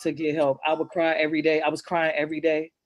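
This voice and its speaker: A woman speaks as a guest author, telling her story candidly and earnestly. Her talk is emotional and halting, with frequent restarts. The sound is dry and close. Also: sits low, monotone, no room sound. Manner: earnest, emotional, repeats herself while recounting. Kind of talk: candid personal storytelling in an interview.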